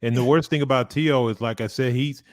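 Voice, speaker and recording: A man's voice: mid-range voice, a little fast, a little mellow, no echo, clean studio sound. A man co-hosting a casual boxing chat who talks bluntly and crudely, with a mocking edge.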